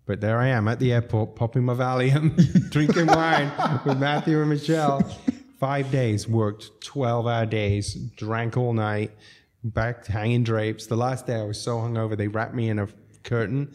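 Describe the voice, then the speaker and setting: Speaking at medium pitch and a moderate pace, a middle-aged restaurateur guesting on a podcast shares casual stories. Laughter runs through his lively anecdotes.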